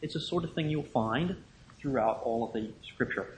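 A man giving an academic lecture on the Gospels, measured and thinking aloud with fillers and restarts. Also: medium pitch, low-quality recording.

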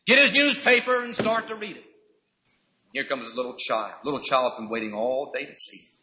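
Animated, bright-voiced male preacher. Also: mid-range voice, normal speed, poor audio. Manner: emphatic, repeats key phrases for emphasis; acts out quoted voices with sudden loud outbursts. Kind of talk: sermon.

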